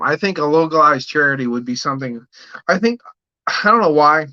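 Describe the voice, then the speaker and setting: A man's voice: fairly high pitch, a little fast, sharp tone, dry recording, muffled recording. A man hosting a casual livestream, rambling and swearing freely while he chats about his brewing plans and answers viewer comments. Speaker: livestream host, home brewer.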